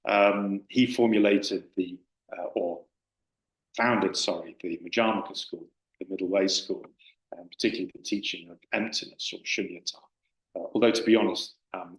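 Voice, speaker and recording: A low-voiced man gives a Buddhist dharma talk, searching for his words with many pauses and restarts. His voice carries an echo from a roomy hall. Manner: hesitant, with many fillers and restarts. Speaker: Buddhist teacher.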